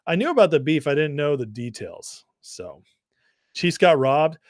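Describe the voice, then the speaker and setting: A man with a deep voice hosting a livestream, chatting loosely and reading viewer comments. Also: sing-song, unhurried, no echo, studio quality. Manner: chatty, laughs often, many fillers and restarts. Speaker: livestream host.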